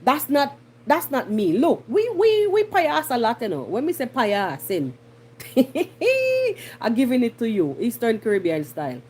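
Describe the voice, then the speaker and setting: Husky, animated Jamaican woman. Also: fairly high pitch, a little slow. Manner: animated, blunt, slipping into patois. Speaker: podcast host. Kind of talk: casual commentary monologue.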